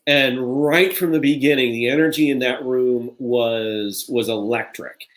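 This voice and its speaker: A man's voice: medium pitch, fairly even intonation, unhurried, fairly bright tone. A man hosting a cast reunion, reflecting in a rambling, casual way. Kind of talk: casual group reminiscing.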